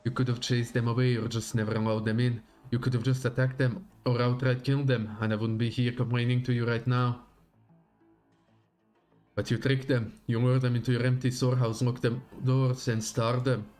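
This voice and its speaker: A man voicing a stern, grim woman investigator who speaks low, slow and menacing, read aloud from a game story on a livestream. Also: little pitch movement, a little mellow, soft background music, close to an everyday voice. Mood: accusing.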